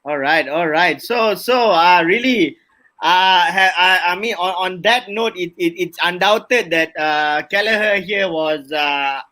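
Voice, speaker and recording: Male host, stop-start delivery, bright tense tone. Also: sits high, dry recording. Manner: hesitant, repeats words. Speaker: podcast host. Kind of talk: casual panel discussion.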